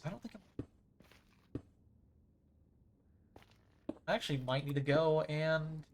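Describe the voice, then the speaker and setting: A man chatting casually while streaming a game live, rambling excitably and tripping over repeated words as he gets going. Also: a little high, slight background noise. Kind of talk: casual live gaming commentary.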